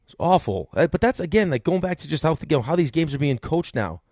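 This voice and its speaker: A man's voice: fairly high pitch, sing-song, darkish tone, no echo, studio quality. A man with a New York accent hosting sports radio, rambling through casual sports talk with lots of fillers. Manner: rapid, rambling with many fillers.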